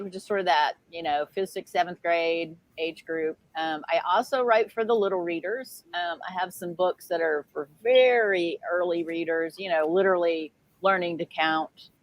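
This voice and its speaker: A middle-aged woman, a children's author, chatting casually on a video call from a small RV, with lots of fillers and laughs. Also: fairly low pitch. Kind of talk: casual livestream chat. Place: small RV with pets.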